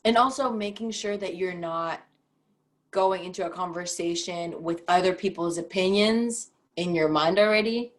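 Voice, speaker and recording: A woman's voice: fairly low pitch, normal speed. A young woman, a guest on a casual podcast, talking thoughtfully and often giggling while acting out example phrasings.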